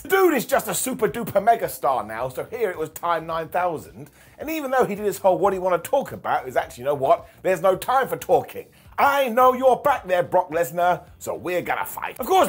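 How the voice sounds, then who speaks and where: A man's voice: fairly high pitch, husky. A man giving a jokey, sarcastic recap of a wrestling show as its host. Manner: sarcastic, jokey, mocking voices. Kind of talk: comedic recap.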